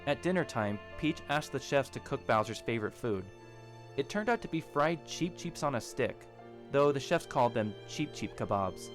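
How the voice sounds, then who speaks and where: A man reads a story aloud in a steady, even voice at an ordinary middle pitch. A faint music bed sits under the narration. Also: moderate pace. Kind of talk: audiobook narration of a fan story.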